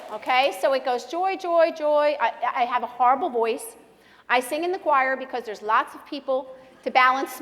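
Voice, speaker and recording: A high-pitched woman gives a casual devotional talk at a church ladies' gathering. She is chatty and self-deprecating and jokes easily with the room. Her voice carries a long reverb from a big sanctuary. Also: a bit bright. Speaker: speaker at a church ladies' meeting. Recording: long reverb of a large hall.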